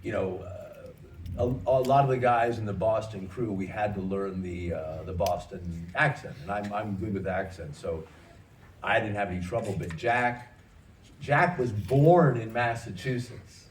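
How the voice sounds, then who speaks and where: A man in his sixties from the United States, a guest actor telling lively anecdotes at a festival Q&A, often restarting his sentences. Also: on the low side, unhurried. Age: 60s. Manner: animated anecdotes, frequent restarts. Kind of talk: festival Q&A storytelling. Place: festival event hall. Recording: echoey room, distant mic, faint noise.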